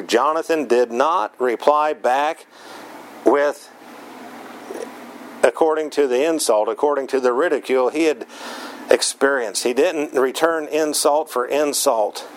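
A man's voice: a little hiss or hum, poor audio. Man preaching an earnest sermon. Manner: earnest, acts out quoted lines with shifts in pitch.

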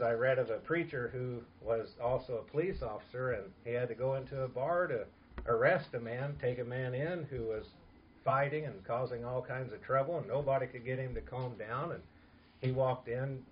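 A man preaching a sermon in an earnest, emphatic way, dropping to soft asides. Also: mid-range voice, moderate pace, dull audio, slight background noise. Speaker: pastor.

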